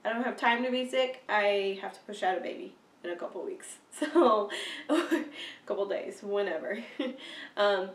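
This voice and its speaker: A woman's voice: mid-range voice, expressive, normal speed, distant mic. A young woman, stuffy with a cold, chatting casually in a vlog update with lots of fillers and laughter. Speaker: vlogger. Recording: roomy sound, a bit off-mic.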